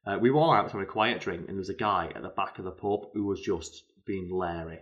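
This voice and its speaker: A British man co-hosting a casual chat, telling stories in an animated way with lots of fillers. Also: deep voice, quick pace, muffled recording. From Britain. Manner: animated storyteller, many fillers. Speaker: podcast co-host.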